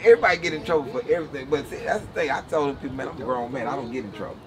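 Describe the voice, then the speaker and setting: A man's voice: medium pitch, very fast, crowd noise. A man, a comedian guest, telling stories in a radio interview, laughing often and acting out other people's voices. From Texas. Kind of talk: animated storytelling in a radio interview. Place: live outdoor broadcast with a crowd.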